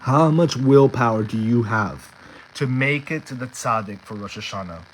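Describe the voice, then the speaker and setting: A man's voice: mid-range voice, expressive, normal speed, a little hiss or hum, rough recording. A man telling a heartfelt personal story in an earnest way, often repeating himself when stirred. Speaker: storyteller sharing a personal journey.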